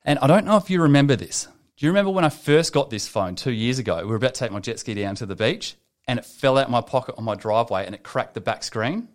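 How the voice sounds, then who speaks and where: A young man co-hosting a podcast, telling animated stories and swearing freely. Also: mid-range voice, fast, few pauses. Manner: swears a lot, animated storytelling. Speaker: podcast co-host. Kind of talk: casual podcast chat.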